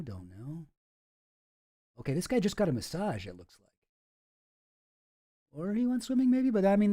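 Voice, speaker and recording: A man's voice: sits high, mellow. A man giving casual, sarcastic commentary on photos, rambling and swearing freely. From Canada. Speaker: online commentator.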